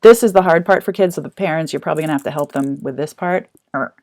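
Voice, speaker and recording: A woman's voice: low voice, fast, darkish tone. A woman teacher explaining a hands-on math activity to parents, chatty and encouraging as she thinks aloud.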